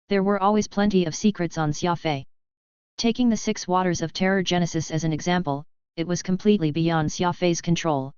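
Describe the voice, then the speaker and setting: A woman narrates a fantasy novel in a steady, measured read-aloud manner. Her voice sits low and comes across very smooth and clean. The recording is dry and close, with a slightly dull, muffled top end. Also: no echo. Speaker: audiobook narrator. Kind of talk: scripted narration.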